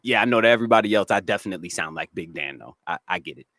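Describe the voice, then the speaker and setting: Raspy New England man, slangy and laid-back, lively low voice, dry close mic. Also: rapid-fire, dry recording. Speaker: cannabis grower and streamer. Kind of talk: casual live-stream chat. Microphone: dry close mic, studio.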